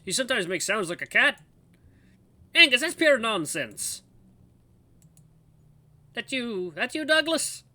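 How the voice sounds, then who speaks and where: A man's voice: very high voice, voice pushed up, exaggerated voice. A man voicing cranky old male night watchmen in a game, bickering in a folksy old-timer dialect. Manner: squabbling, excitable.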